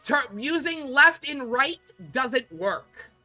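A woman's voice: high voice, animated, takes it slowly, sharp tone, faint music behind. A woman streaming a game, talking in a frustrated, swearing, exasperated way. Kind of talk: live game stream commentary.

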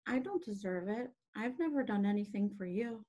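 A woman's voice: mid-range voice, animated, moderate pace, warm tone, lightly acted, poor audio. A woman voicing a young male pig who is earnest, emotional and pleading, reading aloud from a storybook. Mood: wistful. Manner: pleading, fervent.

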